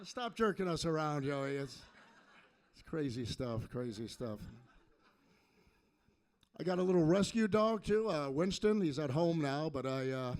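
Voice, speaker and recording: A man performing a stand-up comedy set on a club stage, delivering deadpan punchlines into a handheld mic. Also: fairly high pitch, unhurried, long pauses. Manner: deadpan punchline delivery with sung parody bits.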